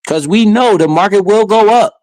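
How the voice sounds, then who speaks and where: A man's voice: sits high, normal speed, darkish tone, dry recording. A man streaming live, giving casual, slangy commentary with swearing and often speaking straight to his chat.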